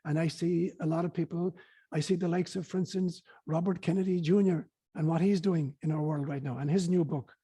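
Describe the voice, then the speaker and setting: Male guest, earnest storyteller, husky and a bit high. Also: steady tone, fairly quick, dark tone. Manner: earnest, hesitant fillers, storytelling. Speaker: guest speaker on spirituality. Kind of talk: reflective storytelling interview.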